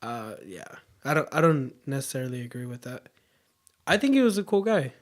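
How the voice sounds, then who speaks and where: A man's voice: medium pitch, sing-song, a little fast. A man co-hosting a casual chat, laid-back and slangy, often agreeing with his partner. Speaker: co-host.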